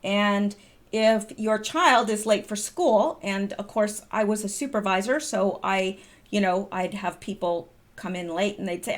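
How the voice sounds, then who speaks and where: A woman's voice: mid-range voice, measured pace. A middle-aged woman from the United States hosting her own channel, reading posts aloud and chatting in a rambling way with lots of ums. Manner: chatty, rambling, wanders off topic with filler ums. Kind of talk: casual commentary vlog.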